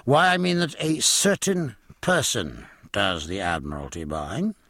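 Man doing a slow, shrewd older uncle. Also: fairly low pitch, expressive, fairly bright tone, no echo, exaggerated voice. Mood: knowing. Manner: slow, calculating, dry.

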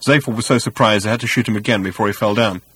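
A man reading a comic science-fiction audiobook in a wry, measured style. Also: lowish voice, fairly bright tone, breathy edge, dry recording. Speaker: audiobook narrator. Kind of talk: scripted narration.

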